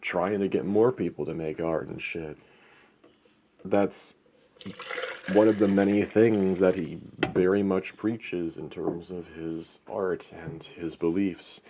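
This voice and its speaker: Very deep-voiced man ranting, lo-fi. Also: fairly even intonation, takes it slowly. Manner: profane, ranting. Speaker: channel host. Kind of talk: rambling monologue. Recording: slightly dull lo-fi, faint background noise.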